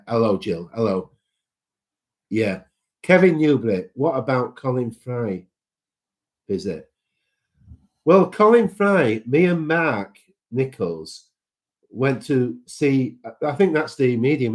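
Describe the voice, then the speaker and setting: A man's voice: medium pitch, darkish tone. A man hosting a casual live chat, reading out viewer comments and greeting people by name in a sentimental way.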